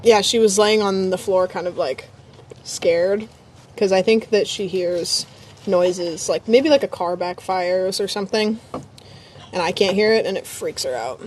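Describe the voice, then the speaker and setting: A woman's voice: mid-range voice, unhurried, a little mellow, slight background noise. A woman live-streaming from her phone at home, chatting casually to her viewers and her dog as she grills. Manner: chatty, rambling, talks to her dog and chat.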